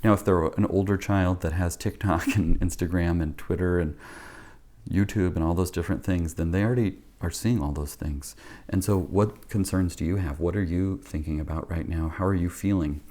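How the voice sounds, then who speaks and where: A man's voice: low-pitched, steady tone, fairly quick, a little mellow. A man, a pediatrician, giving parents earnest, conversational advice in a live talk, acting out what they can say to their kids.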